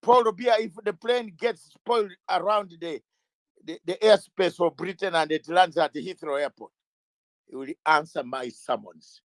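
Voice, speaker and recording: A man's voice: high-pitched, unhurried, no room sound. A middle-aged man, a lawyer being interviewed, speaking in an impassioned way, firing rhetorical questions and repeating phrases for emphasis.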